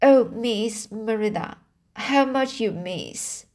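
Slow and a little mellow, a woman's fairly high voice reads an amateur audiobook aloud. For the part of an eager, emotional orphan girl, she raises her voice into an imploring plea.

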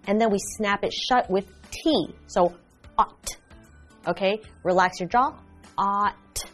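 A young adult woman hosting a pronunciation lesson, slowly and carefully sounding out each word. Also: mid-range voice, breathy edge. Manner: slow, careful enunciation of sounds. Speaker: English pronunciation teacher and host.

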